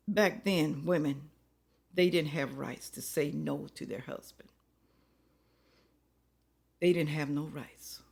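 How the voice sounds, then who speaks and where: A woman's voice: on the low side, a little slow. A woman giving casual, opinionated commentary to her viewers, emphatic and preachy, hammering points home with repeated rhetorical questions. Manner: colloquial talk that drops into whispers for emphasis. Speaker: reaction video commentator.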